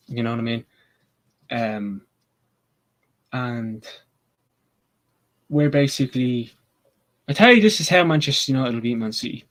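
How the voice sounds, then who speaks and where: A man's voice: medium pitch, normal speed, pauses often. Male channel host, loose unscripted fan chat, eager and swearing freely, mid-range voice. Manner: rambling, excitable, swears casually. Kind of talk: casual match preview chat.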